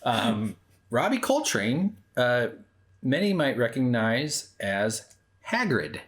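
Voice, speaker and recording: American male podcast co-host, animated pitch, joking and profane. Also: takes it slowly. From United States. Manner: joking, swears freely, puts on silly voices. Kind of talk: casual movie-discussion banter.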